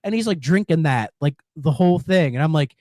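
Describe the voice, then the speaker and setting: A man's voice: a little high, a little fast, dry recording. A man co-hosting a podcast in a casual chat, telling stories with lots of laughter. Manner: laughs often, animated storytelling. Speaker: podcast co-host.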